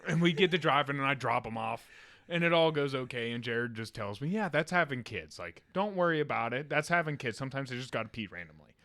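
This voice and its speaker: Animated laughing young man telling a story. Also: mid-range voice, quick pace. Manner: animated, laughing storyteller acting out a kid's screams. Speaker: podcast co-host. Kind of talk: casual storytelling chat.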